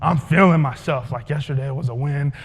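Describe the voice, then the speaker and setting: A man giving a motivational speech at a live event, telling a story in an animated way and acting out the dialogue. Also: medium pitch, brisk, slightly rough, in a large hall. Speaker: motivational speaker. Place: large hall, live event.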